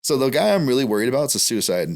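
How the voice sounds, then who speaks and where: A man's voice: mid-range voice, big pitch swings, rapid-fire. A man on a podcast, telling long rambling stories in a casual chat and laughing through them. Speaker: podcast guest.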